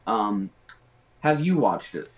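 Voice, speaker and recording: A man chatting casually as co-host, relaxed and hesitant, with many ums. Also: fairly low pitch, slow pace. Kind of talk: casual chat.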